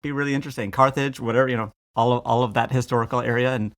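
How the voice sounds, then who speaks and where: Brief: American male podcast co-host, easygoing, animated anecdote teller, mid-range voice. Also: mid-range voice, very fast. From United States. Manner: chatty storyteller, animated quoting. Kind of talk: casual chat.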